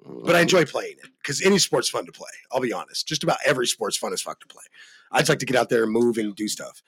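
A man co-hosting a football podcast in casual chat, joking around with loud, profane banter. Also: medium pitch, sing-song, fast talker, creaky, slightly rough. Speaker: podcast co-host.

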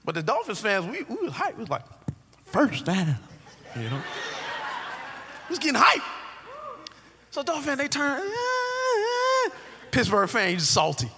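A man's voice: high voice, moderate pace, long pauses, a little hiss or hum. A man preaching a sermon as a comic story, bantering with the audience and adding lots of asides. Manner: animated, joking, full of asides to the audience. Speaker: pastor. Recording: long hall reverb.

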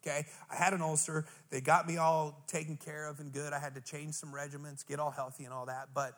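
Middle-aged male pastor, bright and slightly high voice, comic storyteller who turns earnest. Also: little pitch movement, a little fast, hardly any pauses. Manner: acts out his own past lines in a high, whiny voice. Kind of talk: storytelling sermon.

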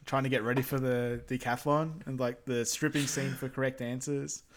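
A man's voice: mid-range voice, steady tone, moderate pace. A young man co-hosting a podcast, recapping a film in rambling casual chat full of "like" and "um". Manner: rambling, heavy on "like" and "um". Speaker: podcast co-host.

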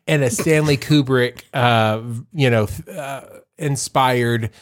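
Taking his time, this mid-range male voice tells wandering stories as a podcast co-host, often laughing and starting over. The sound is dry and clean, like a studio.

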